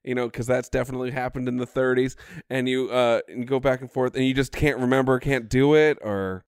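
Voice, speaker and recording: A man playing in a tabletop game, animated and joking, with frequent profanity. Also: mid-range voice, fairly quick, clean tone. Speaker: player. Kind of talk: in-character tabletop play.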